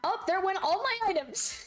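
A young woman live-streams a game with an extremely high, animated voice at a normal pace, soft music playing behind her. Her gameplay commentary is playful and full of laughter, and she squeals whenever chat trolls her.

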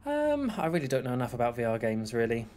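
A man's voice: mid-range voice, huge pitch swings, quick pace, darkish tone, faint music behind. A man chatting casually on a live game stream, rambling through viewer questions with easy laughter. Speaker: gaming streamer. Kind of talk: casual live-stream chat while playing.

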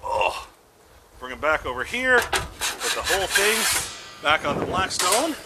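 Cooking-vlog host, middle-aged man, upbeat and self-mocking, higher voice that swings a lot, clear noise behind. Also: big pitch swings, a little slow. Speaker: grilling show host. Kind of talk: casual cooking demo. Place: outdoors at grills.

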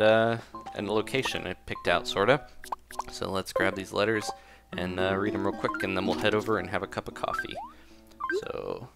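Laid-back male gameplay commentator, low voice, rambling and chuckly, with game music under him. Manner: easygoing, rambling, chuckles often; reads game dialogue aloud in playful voices.

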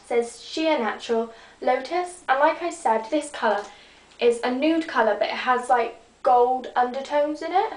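A woman's voice: high voice, distant mic. A teenage girl, chatting casually and rambling as she shows off her makeup. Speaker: beauty vlogger. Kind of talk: casual makeup show-and-tell. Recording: echoey room, voice off-mic.

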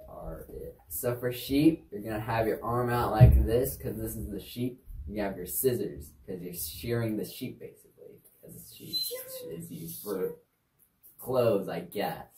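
A woman's voice: rumbling low, a little slow, dark tone, a little hiss or hum. A woman casually demonstrating sign language signs for a kids' lesson, chatty and easygoing with offhand asides. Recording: echoey room, distant mic.

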